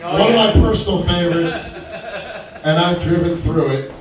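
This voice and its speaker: A man doing a stand-up comedy set in a small club, brash and crude with animated delivery. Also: high voice, normal speed. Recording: echoey club heard from far off. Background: audience chatter and laughter.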